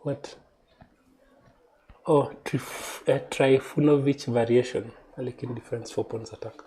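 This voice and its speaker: A man's voice: medium pitch, fairly even intonation, a little slow, mellow, poor audio. A man coaching his daughter at chess at home, firm and patient, guiding her with questions. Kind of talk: casual coaching during a livestream.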